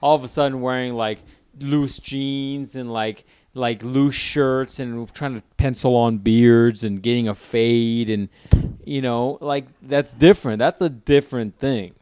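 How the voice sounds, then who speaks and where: A man riffs loosely in crude podcast banter, slipping into quick quoted voices of other people. His voice sits at an everyday middle pitch. The sound is dry and close, with no room around it. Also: steady tone, darkish tone, clean tone, dry recording.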